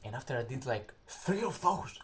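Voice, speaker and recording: Telling a story in a casual, rambling way, the young English speaker halts, hunts for words, and loudly acts out quotes. Here his mid-range voice is animated, with slight background noise.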